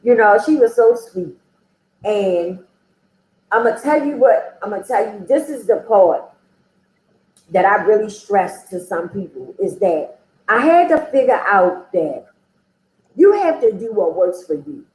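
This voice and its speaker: In a mid-range, darkish voice with lively intonation, this woman speaks a little slowly and pauses often; the room echoes around her. She candidly recounts her own story as an interview guest, conversational and loose, saying "you know" a lot.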